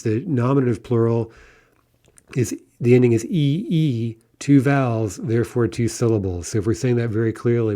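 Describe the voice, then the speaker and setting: A man's voice: medium pitch, mellow. A man teaching a recorded language lesson, explaining endings step by step and often checking in with "right?" between examples.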